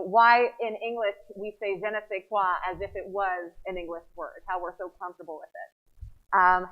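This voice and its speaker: A woman's voice: medium pitch, muffled recording. A woman rabbi giving a chatty, playful sermon to her congregation in a synagogue, often breaking off mid-sentence. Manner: chatty, playful, self-interrupting. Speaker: rabbi leading services. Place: synagogue sanctuary.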